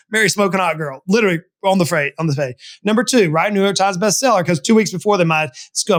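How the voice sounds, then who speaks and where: A middle-aged man from the southern United States, a business author telling his story as a podcast guest with emphatic energy. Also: sits high. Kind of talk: storytelling interview talk.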